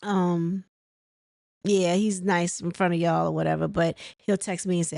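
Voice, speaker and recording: A woman's voice: fairly low pitch, lively intonation, moderate pace, vocal fry, dry recording, clean studio sound. A woman chatting casually as she recaps a reality show episode, rambling with many ums and laughing as she mimics the cast. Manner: many fillers and restarts.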